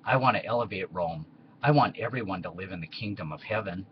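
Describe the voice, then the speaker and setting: A man's voice: low voice, brisk, lo-fi sound, background noise, close to an everyday voice. A man voicing Jesus as an earnest preacher in a comedy history skit. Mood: calm.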